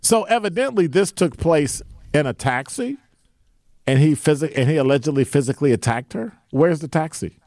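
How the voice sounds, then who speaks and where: A man's voice: fairly high pitch, animated, moderate pace, a little mellow, no echo, studio quality. A man co-hosting a talk show, reading out report details and explaining them matter-of-factly. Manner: reads from reports, then explains in a matter-of-fact way. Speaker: co-host.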